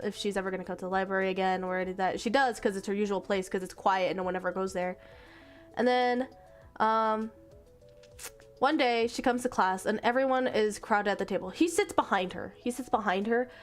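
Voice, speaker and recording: A young woman streaming, casually retelling a story in a rambling way, full of 'like' and the odd swear. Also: medium pitch.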